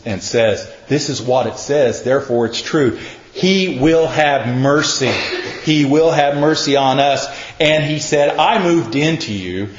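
A man's voice: medium pitch, dull audio. Older male pastor preaching in a roomy church. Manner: emphatic, conversational preaching with acted-out asides. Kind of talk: sermon.

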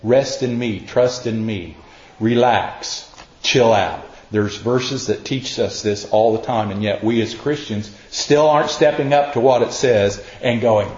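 This man's sermon is homey and conversational, built around stories in which he performs each character's voice. His mid-range delivery is unhurried with lively intonation, heard through a roomy, dull lo-fi recording.

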